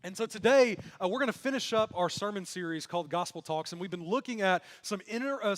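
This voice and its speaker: Young male pastor, high pitch, humorous storytelling sermon, long reverb of a big room. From Mississippi. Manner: storytelling with self-deprecating humor. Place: church sanctuary.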